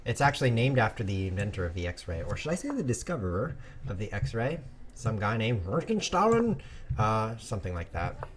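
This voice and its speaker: A man hosting a chess stream, chatting casually and joking through his moves, with sudden bursts and quiet mumbles. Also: on the low side, big pitch swings, normal speed, a little hiss or hum. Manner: playful, jokey, rambling asides. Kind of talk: casual live commentary while playing.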